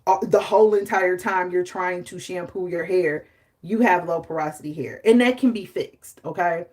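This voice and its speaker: Chatty woman live-streaming about hair care. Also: fairly low pitch. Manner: chatty, animated, dramatizes stories with laughter.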